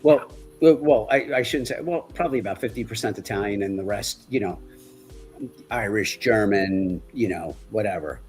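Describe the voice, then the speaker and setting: A man's voice: lowish voice, moderate pace, a little mellow, faint music behind. A man from Long Island with a New York accent, chatting casually as a livestream guest and asking lots of questions. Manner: asks many questions, rambling with restarts. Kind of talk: casual chat.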